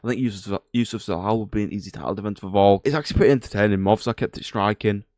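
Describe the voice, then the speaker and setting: A man's voice: lowish voice, rapid-fire, a little mellow, dry recording, clean studio sound. A young man from Northern England with a Northern English accent, giving a blunt, slangy, opinionated recap of fight results in a casual chat. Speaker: MMA commentator.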